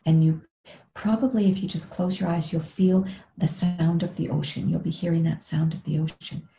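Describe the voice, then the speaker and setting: A middle-aged woman leading a guided meditation webinar over a video call, talking gently and unhurriedly, sometimes dropping into a breathy whisper. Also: lowish voice, a little hiss or hum, rough recording. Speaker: meditation instructor.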